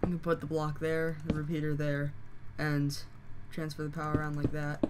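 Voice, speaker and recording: A hoarse game tutorial host who is losing their voice, explaining steps casually with fillers and frequent self-corrections. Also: medium pitch, completely flat delivery, moderate pace, noisy background. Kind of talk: casual screen-recorded tutorial.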